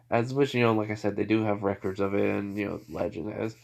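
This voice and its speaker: A man's voice: fairly low pitch, steady tone, quick pace, creaky, few pauses. Rambling man telling a fan story. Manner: rambling, full of fillers like "you know" and "like". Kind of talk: improvised spoken fan fiction.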